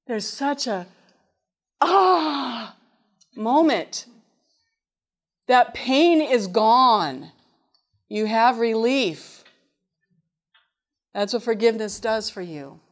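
A woman's voice: fairly high pitch, expressive, drawn-out words, pauses often. A middle-aged woman preaching a sermon in an earnest way, reading scripture aloud and asking her listeners questions.

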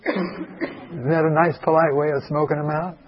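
A man's voice: a little high, steady tone, a little slow, highs cut off. A man who is a pastor, telling a folksy, rambling story with many asides to an audience in a meeting hall. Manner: rambling, digressive, full of asides.

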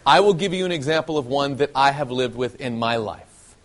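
A man from the southern United States giving an animated sermon-style talk to young people and asking many rhetorical questions. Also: mid-range voice, fairly quick. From Southern United States (Nashville, Tennessee). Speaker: youth speaker.

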